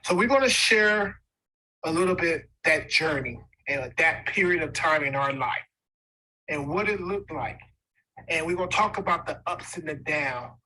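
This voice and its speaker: A man's voice: fairly high pitch, sharp tone, slightly rough, rough recording. A man giving an emotional personal testimony as a guest speaker, repeating words for emphasis.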